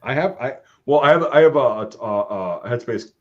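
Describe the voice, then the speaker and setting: With a mid-range voice and moderate pace, a man who served in the army co-hosts a casual, profane podcast, animatedly recounting war stories with acted-out quotes and plenty of swearing. The recording is lo-fi and a bit dull.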